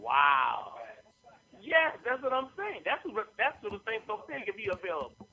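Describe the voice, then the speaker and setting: Male sports radio host, emphatic and excitable, slightly high pitch. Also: normal speed, muffled recording. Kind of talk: sports talk radio banter.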